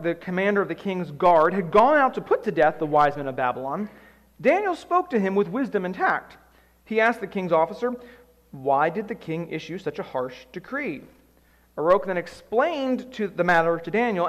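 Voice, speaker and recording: A man preaching a sermon as pastor, animated and playful, acting out the story's scenes in quick voices. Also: fairly high pitch, big-room sound.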